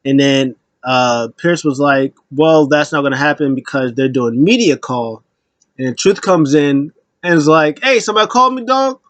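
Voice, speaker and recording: A man's voice: mid-range voice, measured pace, no room sound. A man casually recapping wrestling shows, retelling scenes with lots of fillers, laughs and acted-out quotes.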